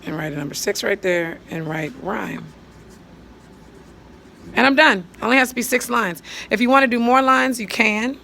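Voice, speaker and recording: A woman teacher patiently walking students through writing a poem, counting syllables aloud and thinking out loud as she writes. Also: on the high side, moderate pace, gravelly, slight background noise. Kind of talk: step-by-step poetry lesson.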